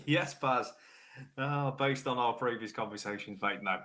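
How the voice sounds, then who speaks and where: A British man, a car technician, hosting a live stream, chatting casually with viewers by name while clearing a sore throat. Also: medium pitch, animated, takes it slowly, sharp tone. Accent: British English. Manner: chatty, matey banter, greets viewers by name. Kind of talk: casual live-stream chat reading comments.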